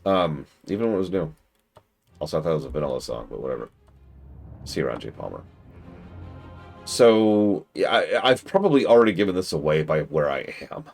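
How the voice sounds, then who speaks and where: A man streaming a game, rambling casually with self-corrections and excitable asides. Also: a bass voice, fairly quick, creaky, long pauses. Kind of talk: casual gaming stream commentary. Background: game music.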